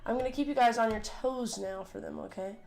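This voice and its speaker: Here she speaks at a fairly high pitch and a fairly quick pace, with vocal fry and a slightly mellow quality. She's an eighteen-year-old from the United States running a cooking livestream at home, voice cracking from a cold, joking and cursing playfully into a desk condenser mic.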